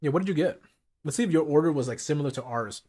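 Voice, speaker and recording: A man with a higher-leaning voice talks rapid-fire while eating on a laid-back late-night livestream from home, using loose slang throughout. He's using a streaming mic fitted with a noise gate and filters.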